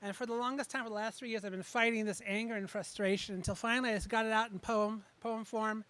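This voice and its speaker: A man with a high voice performs his poems live before a small audience at an open mic. His tone is bright and forward. He talks casually between pieces and leans hard on the words when he reads. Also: fairly even intonation. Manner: chatty asides between pieces, slow emphatic reading of poems. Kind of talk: open mic poetry reading with spoken introductions.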